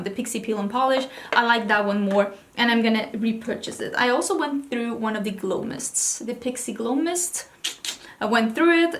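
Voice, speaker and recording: Chatty woman, higher voice. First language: Swedish. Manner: chatty, rambling, with hushed asides. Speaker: beauty vlogger. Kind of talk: casual chat reviewing used-up products.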